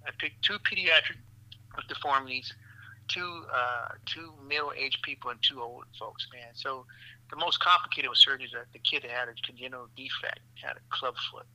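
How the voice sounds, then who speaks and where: A man, a physician guest, telling stories in an animated, profane way, laughing often and calling the listener "man" and "brother". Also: mid-range voice, normal speed, no echo, rough recording. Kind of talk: animated storytelling in a podcast interview.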